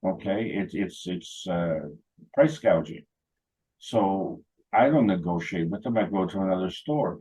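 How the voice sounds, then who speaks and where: Husky, low-voiced man telling rambling anecdotes. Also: lively intonation, moderate pace, mellow, muffled recording. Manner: rambling, anecdotal, many "you know" fillers; acts out quoted dialogue in funny voices. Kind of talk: casual chat.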